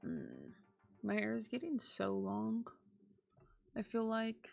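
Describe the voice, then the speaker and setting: A woman streamer chatting casually to her viewers, gushing and excitable. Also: mid-range voice, slow, vocal fry, faint music behind. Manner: gushing and excitable, talks to chat. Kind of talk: casual live-stream chat.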